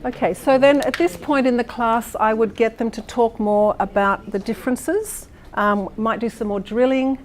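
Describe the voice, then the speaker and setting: A woman's voice: a little high, moderate pace, few pauses, a little hiss or hum. A woman leading a workshop for teachers, explaining and demonstrating a lesson with frequent fillers and restarts while checking in with the room. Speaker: teacher trainer presenting a workshop.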